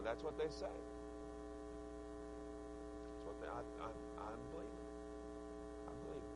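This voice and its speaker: A middle-aged man preaching a sermon in a folksy, earnest way, his loudness rising and falling. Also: high-pitched, noisy background.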